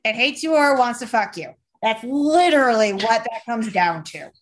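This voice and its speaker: Young woman guest, casual blunt chatter, lively and profane. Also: a little high, normal speed. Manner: animated, swearing, filler-heavy, acts out voices. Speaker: podcast guest. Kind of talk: casual podcast chat.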